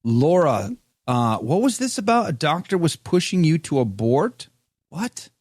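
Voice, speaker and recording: A man's voice: fairly high pitch, unhurried, husky, no room sound. Chatty male show host, dry sound. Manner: animated, mimics others in storytelling. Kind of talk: casual live-show chat.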